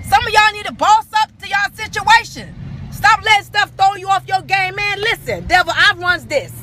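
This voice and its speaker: A woman's voice: extremely high pitch, lively intonation, normal speed, heavy background noise. A woman, sitting in her car and delivering an emphatic, repetitive motivational rant. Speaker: vlogger.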